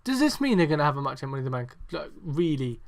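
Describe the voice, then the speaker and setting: Gravelly young man ranting. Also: on the high side, big pitch swings, fast talker. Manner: rambling, heavy swearing, many ums; exasperated, sarcastic. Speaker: podcast host. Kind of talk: casual wrestling review chat.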